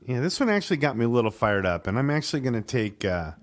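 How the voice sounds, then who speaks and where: A man's voice: mid-range voice, sing-song, fast. A man co-hosting a casual sports podcast, swearing freely and stumbling over words as he reads an article aloud. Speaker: podcast co-host.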